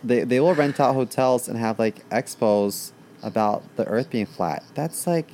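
A man's voice: medium pitch, unhurried, a little mellow. A young man co-hosting a comedy podcast, telling stories in a loose, rambling way full of ums and likes. His voice sits mid-range for a man. A faint noise hums in the background. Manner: chatty, filler-heavy, laughs while talking. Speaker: podcast co-host. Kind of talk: casual comedy chat.

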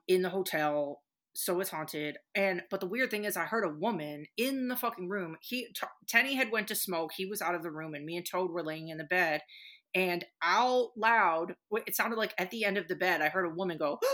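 A woman's voice: lowish voice, normal speed, sharp tone. A woman guest on a podcast, talking casually with plenty of fillers and frequent swearing. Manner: chatty, swears freely, many fillers. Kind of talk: casual chat.

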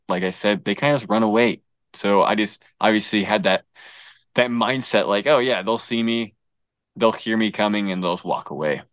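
A young American man telling a story in a casual, animated way, with lots of fillers, laughs and swearing. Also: fairly low pitch, dry recording. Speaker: guest recounting an encounter.

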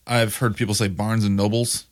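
A man's voice: on the low side, level tone, moderate pace, background noise. A man from Michigan co-hosting a podcast, joking and teasing in casual chat. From Grand Rapids, Michigan. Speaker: podcast co-host. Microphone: studio microphone.

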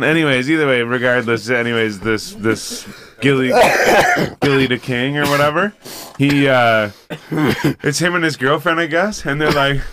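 A man's voice: mid-range voice, a bit bright, clear, resonant tone. A man telling rambling stories to friends in casual chat, full of fillers and swearing. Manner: rambling storyteller, many fillers and swearing, laughs while telling. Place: room with friends sharing joints.

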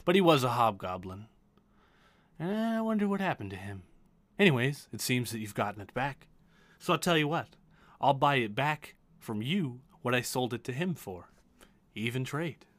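A man voicing a shrewd, mysterious woman who brokers magic items, speaking slowly as she bargains in a tabletop game. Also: medium pitch, very animated, fairly bright tone, no room sound. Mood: musing. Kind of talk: tabletop game role-play.

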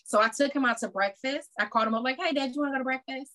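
Guest: bright-voiced woman, high-pitched, animated storyteller who mimics relatives. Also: very fast. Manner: animated, acts out family members' voices. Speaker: podcast guest. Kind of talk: casual storytelling.

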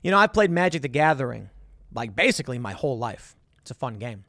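Animated man in an emphatic political monologue. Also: mid-range voice, quick pace, no room sound. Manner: emphatic, repeats words and acts out quotes. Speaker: political commentator.

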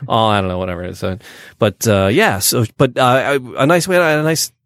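A man hosts a podcast from the studio, talking in an easy, rambling way with lots of fillers and restarts. His voice sits at an ordinary pitch, and the sound is close and dry. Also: a little fast, fairly bright tone, dry recording. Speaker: podcast host. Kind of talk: casual chat.

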